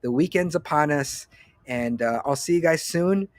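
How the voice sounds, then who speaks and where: A man's voice: on the high side, normal speed, dry recording. A man around forty hosting a casual solo podcast update, rambling, swearing freely and often breaking off mid-sentence. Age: late 30s to early 40s. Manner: rambling, profane, self-interrupting. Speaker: podcast host.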